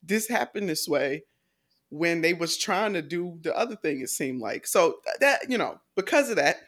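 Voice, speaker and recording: A woman with a Southern US accent co-hosts a movie review show in loose, casual chat. She rambles and laughs easily, and her pitch swings widely as she talks. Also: very animated, normal speed. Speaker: film review podcast co-host.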